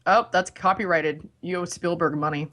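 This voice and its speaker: Young woman, co-host, giggly, rambling storyteller, lowish voice. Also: fairly even intonation, normal speed, a bit bright. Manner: giggly, rambling, acts out silly voices in stories. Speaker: podcast co-host. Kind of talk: casual chat.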